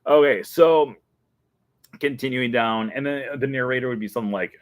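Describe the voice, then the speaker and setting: A man's voice: medium pitch, moderate pace, no room sound. A man hosting a casual fan show, talking enthusiastically and laughing often. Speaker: host. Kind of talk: casual chat.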